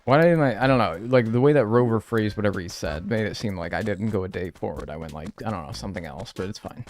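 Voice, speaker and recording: A man's voice: fairly low pitch, expressive, quick pace, slight background noise. A man streaming a game live, chatting casually and joking with his chat from his room.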